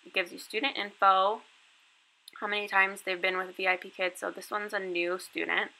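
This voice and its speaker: Her mid-range voice is gravelly yet bright, with a forceful, level tone and a normal pace, as this online English teacher casually walks viewers through her lessons over a screen recording. She explains each step in a chatty way, full of casual fillers. The recording is rough.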